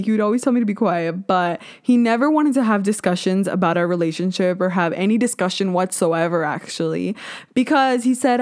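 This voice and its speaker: A young woman hosting a solo podcast, talking candidly and animatedly to her listeners, swearing freely and jumping into loud bursts of emphasis. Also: mid-range voice, expressive, brisk. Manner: talks to listeners directly, with many "like" and "um" fillers. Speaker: podcast host.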